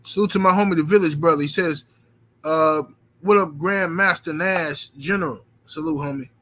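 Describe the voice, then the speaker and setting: Bright-voiced man ranting on a livestream. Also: fairly high pitch, moderate pace. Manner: profane, emphatic, repeats himself; animated, swings from loud outbursts to muttering. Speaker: livestream host. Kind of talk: casual livestream talk, reading super chats.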